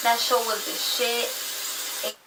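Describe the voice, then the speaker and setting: A woman's voice: a little high, flat delivery, unhurried. A young Mexican American woman ranting casually and profanely on her vlog. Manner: brash and profane, swears freely. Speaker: vlogger. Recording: clip with clear background noise.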